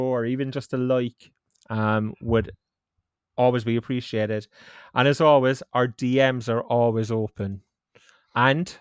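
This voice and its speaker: A man with an Irish accent hosts a sports podcast in a relaxed, chatty way, poking fun at himself. His voice sits at an everyday middle pitch. The podcast mic is close and the room is dry, with no echo. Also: clean tone. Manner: chatty and self-mocking, brisk headline read. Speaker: podcast host. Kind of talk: casual sports podcast chat.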